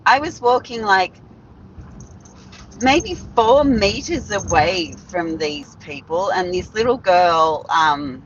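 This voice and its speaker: A woman's voice: fairly low pitch, expressive, takes it slowly, muffled recording, slight background noise. A woman telling stories on a casual live stream, blunt and rambling, swearing freely and restarting her sentences.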